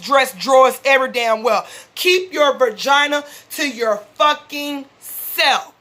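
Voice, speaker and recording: A woman's voice: sits high, bright, forceful tone. A woman vlogger, ranting bluntly and profanely as she recaps a reality show episode. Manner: fired-up, blunt, heavy profanity. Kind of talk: casual recap rant.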